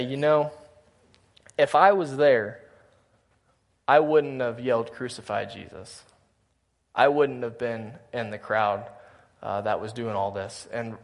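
A male pastor preaching a sermon in a church, earnestly speaking to his congregation and reading scripture aloud. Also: medium pitch. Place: church sanctuary.

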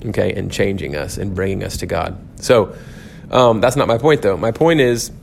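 A man's voice: lowish voice, normal speed, vocal fry, a little mellow, slight background noise. A man teaching an informal Bible lecture at a church, talking conversationally and correcting himself often, with many "um"s and "okay?"s.

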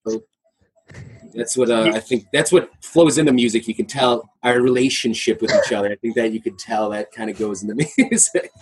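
A man's voice: medium pitch, steady tone, a little fast, slightly rough, poor audio. A man in a band, talking loosely and swearing as he laughs through a video call interview. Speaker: band member, bass player. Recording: video call audio, choppy at times.

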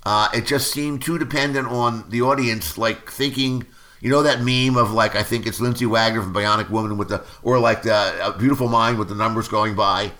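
A man's voice: mid-range voice, steady tone, normal speed, bright, forceful tone. An older man, a screenwriter, telling anecdotes in an interview, rambling with many fillers and restarts.

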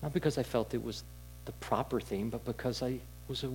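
A man preaching a sermon in a candid, conversational storytelling way, with halting restarts. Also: medium pitch, darkish tone, a little hiss or hum, poor audio. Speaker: pastor.

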